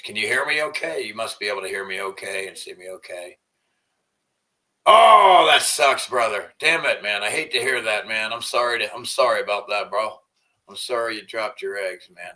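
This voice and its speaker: Angry low-voiced man ranting. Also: brisk, sharp tone. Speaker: livestreamer. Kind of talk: livestream rant and chat. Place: at home.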